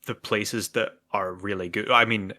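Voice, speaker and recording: Bright, low-voiced man chatting. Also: fairly even intonation, unhurried, no room sound, studio quality. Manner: agreeable, speculative, often says "yeah" and "kind of". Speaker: podcast co-host. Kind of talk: casual chat.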